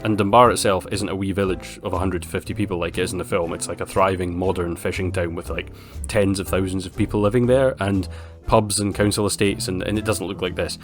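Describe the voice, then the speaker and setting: Scottish male film reviewer, deep voice, dry sarcastic delivery, faint music underneath. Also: steady tone, brisk. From Scotland. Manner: wry, blunt and sarcastic. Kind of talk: casual film review monologue.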